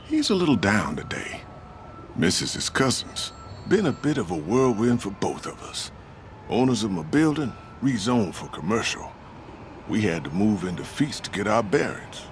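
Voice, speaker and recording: An actor playing a weary older homeless man who keeps pigeons, speaking in a tired, gentle way. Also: fairly low pitch, very animated, moderate pace, a little hiss or hum. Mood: downcast.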